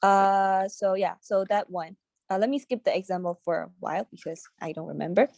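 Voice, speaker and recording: A woman's voice: mid-range voice, a little fast, creaky, a little mellow, dry recording. A woman in a casual study-group discussion, speaking hesitantly with many fillers as she recalls points from memory. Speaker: teacher trainee in a study group.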